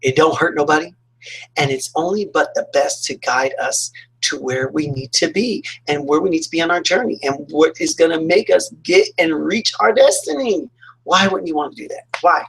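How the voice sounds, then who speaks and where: Gravelly, husky man giving a motivational talk. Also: fairly high pitch, normal speed, fairly bright tone, low-quality recording. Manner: chatty, acts out quoted reactions, many fillers. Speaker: talk radio host. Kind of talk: motivational self-help talk.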